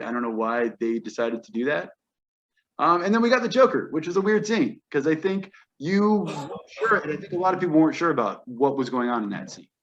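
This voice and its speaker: A man's voice: fairly high pitch, fairly bright tone, muffled recording. A man co-hosting a podcast, giving an opinionated, wryly complaining casual film review. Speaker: podcast co-host.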